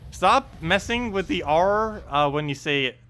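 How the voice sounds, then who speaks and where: A man chatting casually on a live game stream, playful and quick to laugh as he keeps repeating a word to test how he says it. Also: high-pitched, lively intonation, sharp tone.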